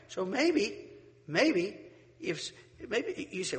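A middle-aged male pastor delivers a sermon with a fairly high voice, throwing rhetorical questions out to his congregation. His words ring out with a long hall reverb around them. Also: animated, unhurried.

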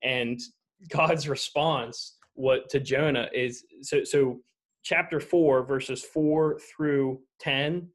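A man in a casual church discussion, retelling a Bible story in an animated, conversational way. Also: mid-range voice, slow pace. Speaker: church leader in a podcast discussion.

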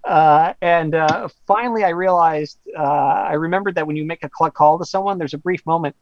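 Halting male storyteller, dry lo-fi sound. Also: a little high, no room sound. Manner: halting, many fillers and restarts. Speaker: interview guest, author. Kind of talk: storytelling in a podcast interview.

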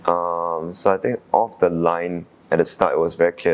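A young man from Singapore, an Olympic sailor, calmly recalling his qualifying race in an interview, thoughtful with frequent fillers. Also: deep voice, normal speed. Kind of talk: reflective interview answers.

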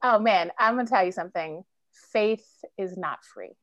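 A woman's voice: medium pitch, normal speed, fairly bright tone, no echo, muffled recording. A middle-aged woman speaking earnestly and emotionally as a podcast guest. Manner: earnest, emotional, faith-driven storytelling. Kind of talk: candid interview conversation.

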